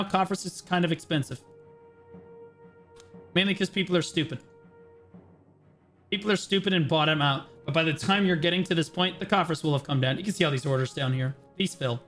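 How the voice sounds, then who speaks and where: A male streamer with a fairly high voice explains game mechanics in a brash, blunt rush. He swears freely and keeps checking in with "okay" between points. Faint game music plays behind him. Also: fairly bright tone. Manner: brash, profane, explains in quick bursts with many "okay"s. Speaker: streamer giving a game gearing guide. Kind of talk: casual livestream commentary.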